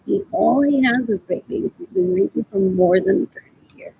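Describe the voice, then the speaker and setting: Gravelly-voiced woman rambling on a vlog. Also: a little high, sing-song, moderate pace, narrow, tinny audio, slight background noise. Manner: repetitive, blunt and profane, often muttering 'what else'; switches between English and Spanish. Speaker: vlogger. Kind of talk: rambling monologue to camera.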